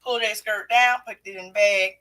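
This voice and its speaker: Bright woman hosting a chat. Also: medium pitch, a little fast, rough recording. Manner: lively, joking, laughs. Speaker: podcast host. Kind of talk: casual storytelling chat.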